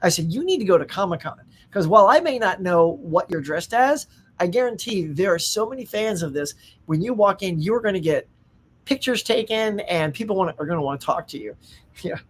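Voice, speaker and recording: A man's voice: high-pitched, animated, brisk, husky. A middle-aged man from the United States hosting a casual live stream, chatting and reading out viewer comments with enthusiasm and frequent laughs. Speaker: host.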